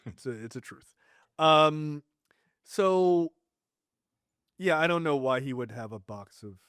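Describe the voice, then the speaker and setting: Rambling, profane man, fairly high voice. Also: animated, slow, fairly bright tone, clear, resonant tone, no room sound, clean studio sound. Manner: profane, joking, rambling with many restarts. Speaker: podcast co-host reviewing a film. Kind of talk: casual film review chat.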